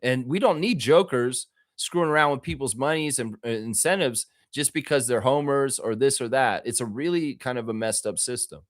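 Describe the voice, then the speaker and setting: A man hosting a live basketball podcast, chatting and joking in an animated way with his viewers. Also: mid-range voice, normal speed, hardly any pauses, no room sound, clean studio sound. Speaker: host of a basketball podcast livestream. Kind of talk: casual live commentary and chat.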